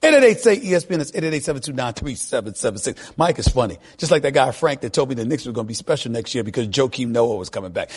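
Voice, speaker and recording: A man hosting a sports talk radio show and taking calls, emphatic and given to repeating himself, his voice shooting up when excited. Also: medium pitch, fast talker, few pauses, breathy edge.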